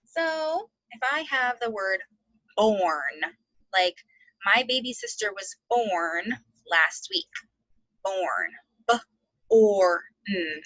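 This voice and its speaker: Bright-voiced woman teaching phonics. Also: medium pitch, lively intonation, dry recording, dull audio. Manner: slow, sounding out letters, encouraging. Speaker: second grade teacher. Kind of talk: online phonics lesson.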